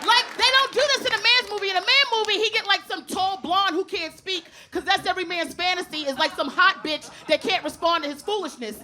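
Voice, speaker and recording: A woman comedian doing a brash, profane, animated stand-up routine on a club stage into a handheld mic. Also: very high voice, fairly quick, hardly any pauses. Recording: live club recording with crowd laughter and noise.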